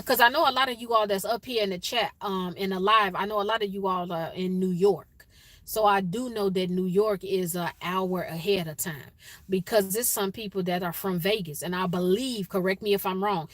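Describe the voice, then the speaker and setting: A woman's voice: mid-range voice, fairly bright tone, no echo. A woman with a Chicago accent hosting a casual livestream, chatting with viewers and greeting them by name. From Chicago, USA. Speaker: livestream host.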